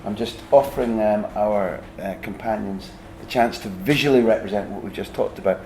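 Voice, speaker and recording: Low-voiced male host asking long questions. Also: fairly quick, warm tone, a little hiss or hum. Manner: long, searching questions with many fillers. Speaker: podcast host, interviewer. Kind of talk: casual conversation.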